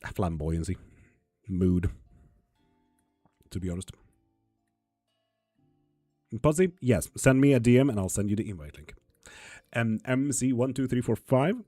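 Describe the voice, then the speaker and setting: A man's voice: mid-range voice, expressive, a little slow, pauses often, mellow, dry recording, clean studio sound, faint music behind. A man reading viewer comments aloud and answering them in a casual livestream, swearing now and then. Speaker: tarot reader streaming live.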